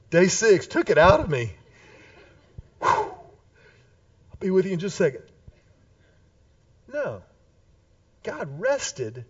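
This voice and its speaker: A man preaching a Sunday sermon to his congregation in a church, animated and playful with humorous asides. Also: high voice, recorded from a distance, dull audio. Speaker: pastor. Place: church sanctuary.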